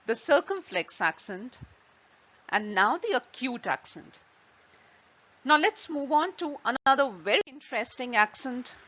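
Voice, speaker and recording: In a slightly dull lo-fi recording, a French teacher walks through an online lesson slowly, patiently going step by step and giving examples. Her voice is a bit bright and a little high.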